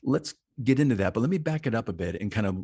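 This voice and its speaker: Husky man explaining in measured tones. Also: lowish voice, expressive, warm tone, no room sound. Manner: explanatory, poses rhetorical questions. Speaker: mental health podcast speaker. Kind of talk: podcast conversation.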